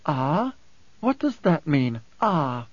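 A man reading an audiobook, voicing a proud young woman who is quick to anger and questions sharply. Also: on the high side, very animated, no echo, dull audio, voice pushed up, heavily acted. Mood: indignant.

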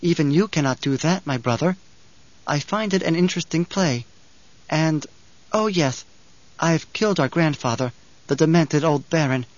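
A man's voice: a little high, lively intonation, moderate pace, long pauses, dry recording, close to an everyday voice. A man voicing an eerie, teasing young girl with a light, detached manner in a dull, dry recording.

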